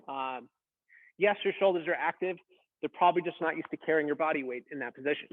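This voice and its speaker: A man's voice: a little high, fast. A man instructing a beginner workout, coaching in a casual, encouraging way while straining through a plank. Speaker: fitness instructor. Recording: tinny phone-like sound.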